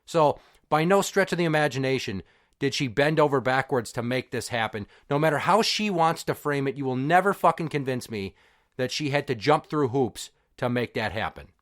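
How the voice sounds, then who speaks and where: A man's voice: medium pitch, animated, normal speed, a bit bright, no room sound, clean studio sound. A middle-aged man, hosting a podcast and telling a personal story in a blunt, profane, heated way. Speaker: podcast host.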